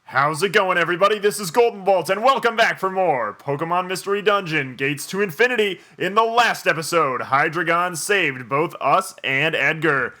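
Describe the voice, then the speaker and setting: A man's voice: sits high, animated, normal speed, hardly any pauses, sharp tone. A man hosting a let's-play, giving casual, enthusiastic commentary as he plays. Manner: enthusiastic and gushing.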